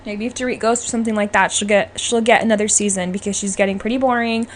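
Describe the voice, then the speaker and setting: A woman's voice: mid-range voice, steady tone, fast, slight background noise. A young woman hosting her own podcast, chatting casually and full of opinions, often tagging "okay?" onto her points. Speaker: podcast host. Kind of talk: casual solo podcast chat.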